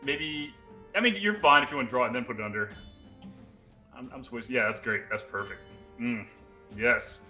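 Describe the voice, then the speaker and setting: A man's voice: medium pitch, fairly quick, pauses often, pushed and bright, soft background music. A man co-hosting a casual live stream, calling out challenges and reading chat messages. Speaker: co-host.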